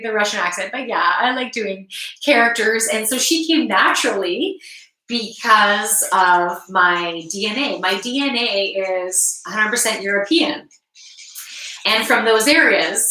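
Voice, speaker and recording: Giggly woman, bright roomy voice. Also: medium pitch, expressive, unhurried. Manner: giggly, laughs often between phrases; frank, swears casually. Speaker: spiritual live streamer. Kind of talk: casual live-stream chat. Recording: roomy echo, mic at a distance.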